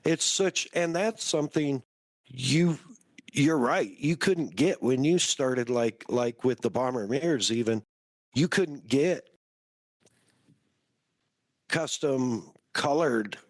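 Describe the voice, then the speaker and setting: A man hosting a podcast, chatting in a relaxed, conversational way. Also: mid-range voice, slow, pauses often, no room sound. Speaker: podcast host. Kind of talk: casual podcast chat.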